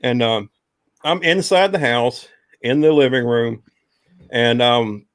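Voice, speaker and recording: A man's voice: mid-range voice, animated, slow, dry recording, studio quality. Drawling man telling a ghost story. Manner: rambling, drawling, many fillers. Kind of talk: casual storytelling.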